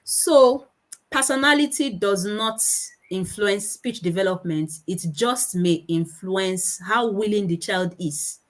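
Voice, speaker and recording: A woman in her thirties with a Nigerian accent, giving a conference talk on children's speech and acting out her children's voices in animated anecdotes. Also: mid-range voice, unhurried, few pauses, poor audio.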